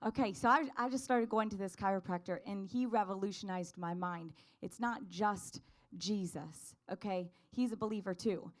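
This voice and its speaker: A woman's voice: mid-range voice, moderate pace. A woman telling a personal faith testimony in an earnest, fervent way, building to emphatic declarations.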